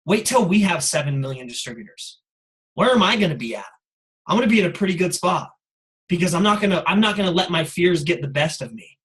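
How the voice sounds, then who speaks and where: A man giving an energetic, casual motivational talk on a sales call, full of "like" and "you guys.". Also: high-pitched, quick pace, rough recording. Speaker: guest speaker on a sales call.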